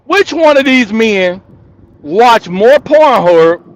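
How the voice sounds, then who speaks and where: A man's voice: very high voice, animated, slow pace, lo-fi sound. A man hosting his channel, giving his opinion in casual commentary, talking straight to his viewers, laughing between points and repeating himself for emphasis. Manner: emphatic and repetitive, hammering points home. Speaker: channel host.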